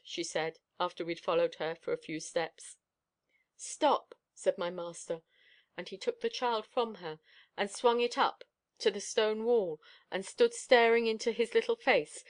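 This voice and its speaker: A woman reading a novel aloud in first-person narration, expressive and measured. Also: mid-range voice. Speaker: audiobook reader.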